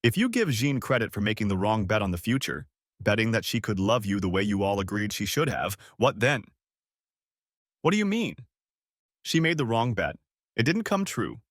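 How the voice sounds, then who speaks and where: Man voicing calm, deep-voiced pipe-smoking friend. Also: dry recording, studio quality. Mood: measured. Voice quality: deep bass. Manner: calm, measured, non-judgmental. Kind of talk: audiobook character reading.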